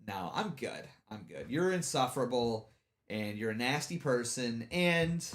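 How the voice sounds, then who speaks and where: A livestream host with a medium-pitched, slightly bright voice and big pitch swings talks at an unhurried pace, rambling casually, mocking people, and repeating "you know what I mean" over and over.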